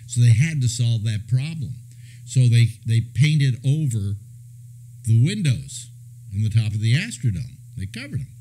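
Older male radio host from California, mellow tone, meandering anecdotes with chuckles. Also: medium pitch, husky, low-quality recording. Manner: chuckling, meandering storyteller with many restarts. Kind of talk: rambling anecdotal chat.

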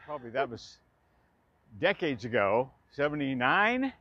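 A man's voice: medium pitch, sing-song, a little slow, no room sound. A chatty older man in his sixties reminisces in a loose, rambling way, often circling back and breaking into laughter. He has a mid-range voice. The sound is close and dry, with a slightly muffled, lo-fi quality. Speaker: former dancer recalling his theater days. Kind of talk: casual spoken reminiscence. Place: outdoors in a city park.

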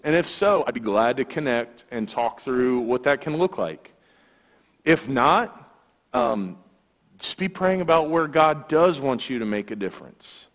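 A man's voice: on the high side, expressive, a little slow, fairly bright tone. A man giving a guest sermon in church, telling stories in a conversational way with filler words. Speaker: guest speaker, youth ministry worker. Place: church sanctuary. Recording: long church hall reverb.

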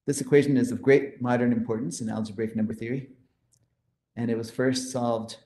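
A man's voice: mid-range voice, fairly even intonation, brisk, mellow, roomy sound, slight background noise. A man giving a mathematics conference lecture, explaining step by step with enthusiasm and often checking in with "right?".

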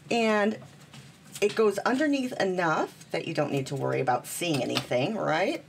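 A woman's voice: fairly low pitch, lively intonation, normal speed, gravelly. Woman, casual crafting demo, friendly rambling chatter, a touch of faint background hiss. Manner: chatty, bubbly, self-deprecating, talks to viewers as friends. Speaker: card-making host.

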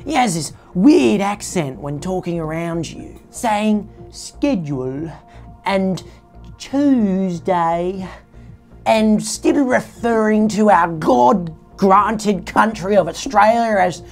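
A woman delivers satirical headlines in a dry, mock-serious anchor voice of ordinary middle pitch. She reads each absurd story straight, never letting on that it is a joke. Faint music plays beneath her. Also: slow pace, a little mellow. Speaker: parody news anchor. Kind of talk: satirical newsreading.

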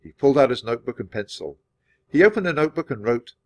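A man reads a children's chapter book aloud, clear and steady, at a medium pitch. His intonation is lively and rises and falls across each sentence. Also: brisk, no room sound, clean studio sound. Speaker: storybook reader.

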